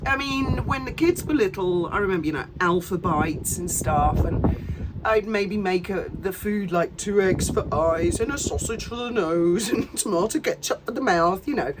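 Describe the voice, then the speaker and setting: Middle-aged woman, sarcastic swearing commentary, animated up-and-down voice, noisy background. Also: mid-range voice, normal speed, far from the mic. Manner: sarcastic, profane, laughing asides. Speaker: commentary channel host. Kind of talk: casual commentary.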